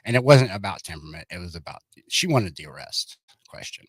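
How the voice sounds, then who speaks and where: A man's voice: low voice, expressive, brisk, slightly rough, no room sound, clean studio sound. A man being interviewed as a guest, speaking in a blunt, plainspoken way. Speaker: county board applicant, guest. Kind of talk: casual interview talk.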